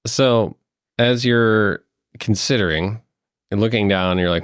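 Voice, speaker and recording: A man's voice: lowish voice, takes it slowly, clear, resonant tone, dry recording, studio quality. A man narrating as game master of a tabletop game, hesitant with many ums and uhs. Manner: hesitant, fills with um and uh.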